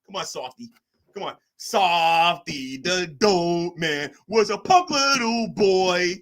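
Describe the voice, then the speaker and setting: A man's voice: high-pitched, animated, slow, a bit bright. A man hosting a live stream, mocking and arguing with chat commenters in a casual rant. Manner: mocking, combative, reads chat aloud.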